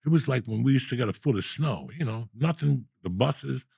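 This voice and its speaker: Gravelly New man telling stories. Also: medium pitch, brisk, dry recording. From New Jersey. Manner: animated, profane storyteller. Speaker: podcast host. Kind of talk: storytelling in casual chat.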